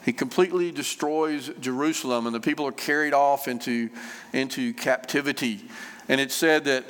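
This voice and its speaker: A man preaching a sermon in an easy, conversational way, stopping on fillers and going back over his phrases. His voice sits at an ordinary middle pitch. A long reverb hangs after each phrase, the sound of a church hall. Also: normal speed, a bit bright, smooth. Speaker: pastor.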